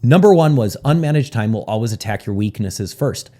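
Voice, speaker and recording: A man's voice: fairly low pitch, expressive, fairly quick, warm tone. A man coaching on time management in a casual, rambling teaching talk, with frequent sidebars and "right?" check-ins.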